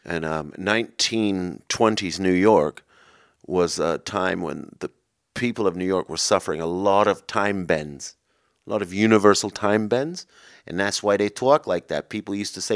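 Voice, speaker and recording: Rambling deadpan male comedian. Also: low-pitched, moderate pace, no room sound, studio quality. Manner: rambling, deadpan absurd, with many restarts. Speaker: comedian and podcast host. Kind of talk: absurd improvised comedy chat.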